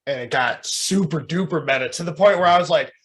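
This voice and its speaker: Higher-voiced excitable podcast guy. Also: fairly quick, husky. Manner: excitable, wordy, joking. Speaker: podcast co-host. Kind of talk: casual chat.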